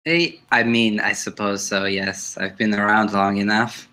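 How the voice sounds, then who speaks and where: A man's voice: fairly low pitch, pushed and bright. A man playing a tabletop game, chatting and teasing in a playful way. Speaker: player. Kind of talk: tabletop role-play.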